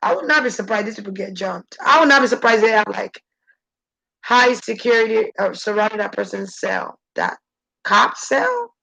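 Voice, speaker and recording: A woman's voice: big pitch swings, normal speed, creaky, sharp tone, rough recording. A woman speaking as a channeler in an intense, preachy spirit-channeling monologue. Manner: intense, preachy, shifting pitch.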